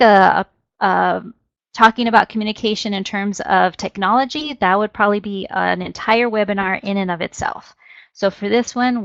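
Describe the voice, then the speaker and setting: A woman's voice: medium pitch, dry recording. A woman presenting an educational webinar. She explains steadily and opens many sentences with "so". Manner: explanatory, steady, frequent "so" as a lead-in. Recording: dull, dry webinar audio.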